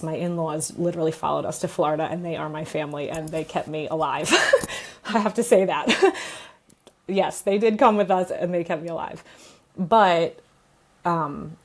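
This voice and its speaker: A woman from New York, a guest on an interview, telling her story openly and emotionally and laughing often as she talks. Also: low voice. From New York, USA. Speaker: guest, pelvic floor therapist.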